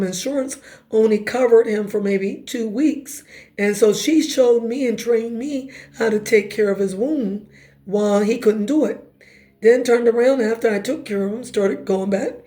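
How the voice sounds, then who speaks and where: Raspy woman telling her testimony. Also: a little high, dark tone. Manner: emphatic, conversational, quick asides. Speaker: speaker giving personal testimony. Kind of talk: personal testimony storytelling.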